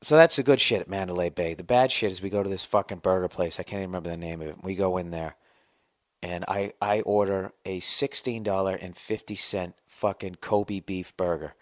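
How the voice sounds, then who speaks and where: A man in his forties rants on his podcast with sarcastic, profane asides. His voice sits a bit low. The close studio mic sounds dry. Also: fairly even intonation, brisk, no room sound. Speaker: podcast host. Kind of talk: casual comedic rant.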